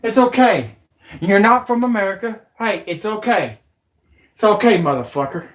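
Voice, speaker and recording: A woman's voice: medium pitch, lively intonation, moderate pace. A woman hosting her own channel, delivering an aggressive, profane, threatening rant. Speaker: channel host. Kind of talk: angry rant. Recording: roomy echo.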